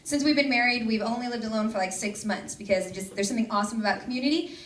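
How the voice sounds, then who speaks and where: A woman's voice: a little high, rapid-fire, fairly bright tone, slight background noise. Bubbly woman joking at a conference. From Seattle suburbs, US. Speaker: campus ministry staff speaker. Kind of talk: conference talk. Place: large hall with audience. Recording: echoey hall with crowd.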